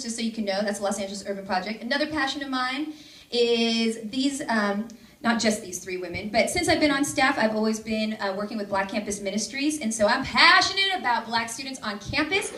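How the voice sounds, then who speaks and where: A woman's voice: on the high side, expressive, fairly quick, fairly bright tone. A woman in her thirties from the Seattle suburbs, giving a bubbly, joking conference talk as a campus ministry staff speaker, into a stage microphone before a large audience. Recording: echoey hall with crowd.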